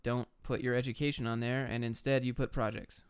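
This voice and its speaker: A young man answering viewer chat questions on a live stream, giving quick, blunt, offhand answers. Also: mid-range voice, flat delivery, clear, resonant tone, no echo. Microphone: camera and desk mic.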